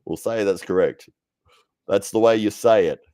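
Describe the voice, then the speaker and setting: A young man hosts a live stream, chatting loosely and laughing at himself between viewer comments. His voice sits very low. The sound is dry and close, with no room echo. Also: normal speed, dark tone. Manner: chatty, laughs often, self-deprecating. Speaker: livestream host. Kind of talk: casual live-stream chat reading comments.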